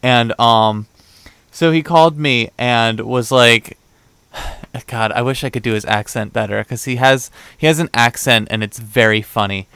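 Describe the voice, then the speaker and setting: Speaking at a measured pace, this young podcast host casually rambles through a dating story, playing out both sides of the quoted exchange and leaning on lots of fillers. His mid-range voice sounds clear, resonant, and fairly bright, with no room sound at all.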